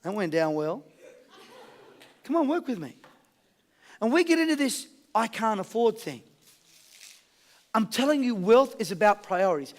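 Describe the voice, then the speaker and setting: A man with an Australian accent giving a high-energy motivational seminar, rallying a live audience with questions and call-and-response. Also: big pitch swings, unhurried, long pauses. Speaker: motivational speaker.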